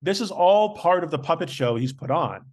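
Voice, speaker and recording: A man's voice: fairly high pitch, lively intonation, normal speed. A man hosting an interview, breaking in with emphatic explanations for the audience. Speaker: host, investigator. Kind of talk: interview commentary.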